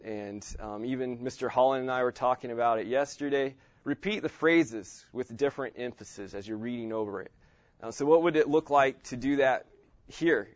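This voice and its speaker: A man's voice: medium pitch, no room sound, highs cut off. A man giving a casual Bible lesson, speaking plainly and often restarting his sentences with fillers. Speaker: teacher. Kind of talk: Bible teaching.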